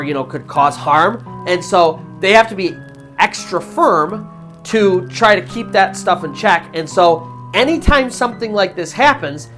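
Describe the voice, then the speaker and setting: A woman host narrating a horror story in a casual, conversational way, with pauses for suspense. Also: fairly low pitch. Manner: conversational, with fillers and restarts, dramatic pauses.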